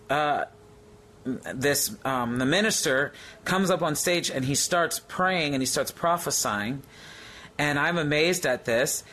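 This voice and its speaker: A man, excitedly sharing a spiritual testimony in a casual, halting way full of fillers and restarts. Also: on the high side.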